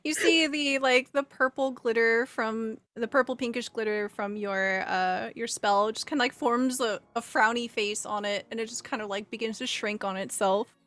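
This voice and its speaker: Casual woman game master, fairly high voice. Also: fairly even intonation, normal speed, hardly any pauses, fairly bright tone. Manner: casual narration with fillers. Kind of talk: narrating a tabletop game.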